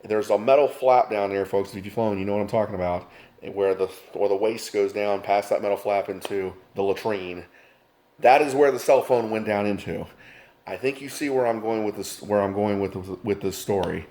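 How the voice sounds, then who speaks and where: A man's voice: fairly low pitch, moderate pace, mellow. A middle-aged man, a former flight attendant, telling stories casually with lots of fillers and calling viewers folks. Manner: rambling, many fillers, addresses viewers as folks. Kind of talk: casual storytelling to camera.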